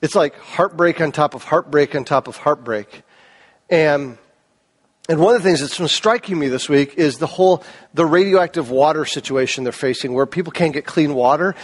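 A man pastor preaching a sermon in a conversational way, asking rhetorical questions and swinging between louder and softer passages. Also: fairly high pitch, normal speed.

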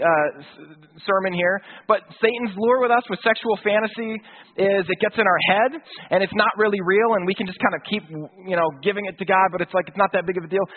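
A man's voice: high-pitched, quick pace. A man preaching a sermon in a casual, conversational way, with slang and acted-out quotes. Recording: tinny phone-like sound.

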